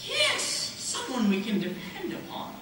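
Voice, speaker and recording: A male actor playing an excitable, bossy young college gentleman in a stage play, speaking theatrically, recorded from far off in an echoey hall. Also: extremely high pitch, a little slow, a little hiss or hum, full character voice. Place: school stage in a large hall.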